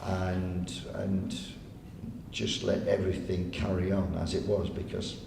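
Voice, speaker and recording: A man's voice: flat delivery, unhurried, vocal fry. A man telling chatty anecdotes to a live audience, often laughing and acting out the people he quotes. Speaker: guest speaker. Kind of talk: live on-stage storytelling. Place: arts venue hall, live audience. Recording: echoey hall with faint rumble.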